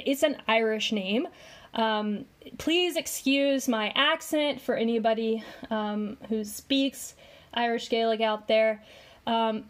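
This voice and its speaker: A woman with a fairly high voice talks slowly and unhurriedly on a casual commentary podcast. She is chatty and leans on lots of fillers and hesitations as she explains. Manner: chatty, filler-heavy, drawn-out delivery. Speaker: podcast co-host.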